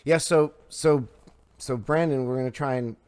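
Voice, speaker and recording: A man's voice: mid-range voice, a little mellow, smooth. A man hosting a podcast in casual interview chat, often restarting his sentences. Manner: halting, frequent restarts. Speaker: podcast host.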